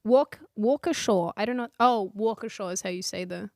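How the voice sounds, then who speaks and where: A woman's voice: medium pitch, normal speed, vocal fry, a little mellow, dry recording, clean studio sound. A young woman co-hosting a casual podcast, reading out viewer messages and teasing her co-host. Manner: teasing, giggly.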